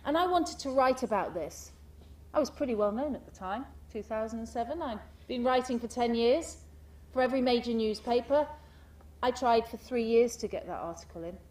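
A woman giving a speech to an audience, animated and full of rhetorical questions, mimicking the people in her stories. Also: fairly high pitch, moderate pace, distant mic. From United Kingdom. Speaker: speaker giving a talk.

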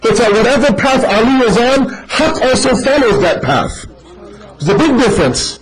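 A man preaching a sermon to a gathered audience, animated and speaking directly to his listeners as brother, telling stories to make his points. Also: extremely high pitch, moderate pace, poor audio.

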